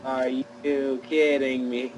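A man playing a multiplayer game with friends, yelling, swearing and trash-talking as he plays. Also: mid-range voice, little pitch movement, slow. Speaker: gamer. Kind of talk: casual multiplayer game chat. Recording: noisy home gaming mic.

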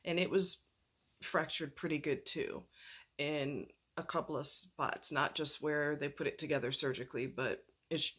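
A vlogger talks straight to the camera in a casual, candid way, with fillers and strong emphasis. The voice sits at a mid pitch. Pain from a fractured ankle colors the delivery. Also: steady tone, moderate pace, a bit bright, slightly rough. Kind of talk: casual talking-head vlog.

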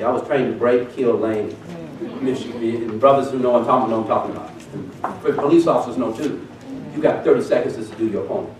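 A man's voice: medium pitch, a little hiss or hum. A man preaching a testimony sermon, telling his story with animation and acting out the voices of the people in it. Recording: echoey hall, recorded from a distance.

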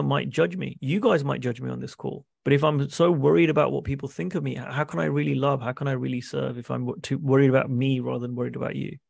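A man's voice: mid-range voice, vocal fry, darkish tone, dry recording, studio quality. A man speaking as a business coach in a masterclass, earnest, acting out dialogue and often checking in with "right?". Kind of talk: masterclass talk on a video call.

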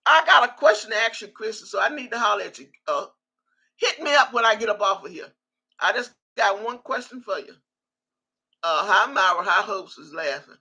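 A woman's voice: fairly high pitch, bright, forceful tone, husky. A woman hosting a casual livestream and reading viewers' comments aloud, brash and profane, often laughing. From Texas. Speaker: livestream host.

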